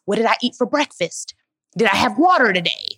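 A woman's voice: fairly high pitch, animated, a little fast, fairly bright tone, slightly rough, no echo, clean studio sound. A woman speaking as guest at a live Q&A, answering audience questions in an emphatic, motivational way and calling listeners "baby". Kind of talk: live Q&A talk.

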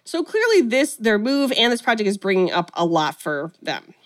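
A woman co-hosting a podcast recaps a film's plot in a casual chat, telling the story animatedly with plenty of "like" and acted-out quotes. Her mid-range voice swings widely in pitch at a moderate pace.

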